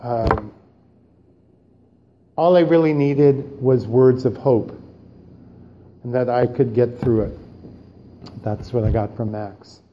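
A man sharing his own story at a recovery meeting, animated and acting out dialogue, then growing quiet and subdued on serious parts. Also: mid-range voice, measured pace, long pauses, slight background noise. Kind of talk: personal recovery share.

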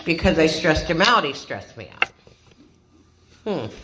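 A woman from California sharing a personal recovery story with a group, dramatic and lively, acting out the voices she quotes. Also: sits low, unhurried. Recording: echoey room with background noise.

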